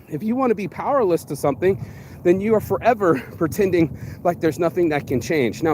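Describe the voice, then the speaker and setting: A man hosting a casual motivational monologue, rambling and profane, with wide swings in pitch for emphasis. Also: slight background noise. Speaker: host.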